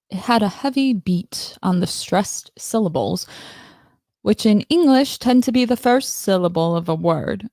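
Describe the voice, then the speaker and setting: A woman's voice: medium pitch, vocal fry, warm tone, no echo, studio quality. A woman hosting a casual livestream, laughing often and breaking off mid-sentence while she tries out British accents. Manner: giggly, self-interrupting, playful. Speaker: livestream host.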